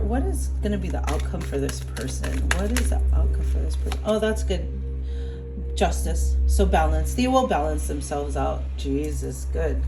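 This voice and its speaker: A young woman with a lowish voice talks through a tarot reading in a loose, chatty way. She leans on "like" and keeps checking in with the listener. Clear background music plays under her voice. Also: low-quality recording. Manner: chatty, lots of "like" and "okay?", laughs and apologizes. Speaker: tarot reader. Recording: music playing behind voice.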